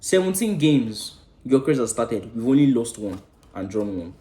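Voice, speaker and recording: A man with a warm, mellow voice of middling pitch rants about football like a preacher, cursing freely and dropping from loud outbursts to near-whispers. The sound bounces around a roomy, echoey space. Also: very animated, moderate pace. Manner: impassioned, preachy, swears freely, swings between loud and hushed. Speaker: football fan channel host. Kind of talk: passionate match-reaction rant.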